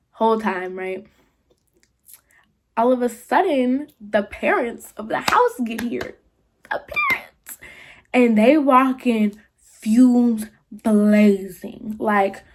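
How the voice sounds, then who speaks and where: A young woman vlogger retelling a party story in casual slangy talk, full of "like", with animated jumps into quoted voices. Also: a little high. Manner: slangy, filler-heavy, 'like' often.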